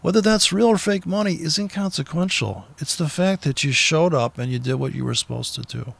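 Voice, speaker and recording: A man with a somewhat raised pitch and a gravelly, fry-laden voice delivers combative, foul-mouthed trading commentary. He talks off the cuff from a car with the window rolled down. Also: a little fast, fairly bright tone. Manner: profane, blunt and combative. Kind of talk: unscripted ranting commentary.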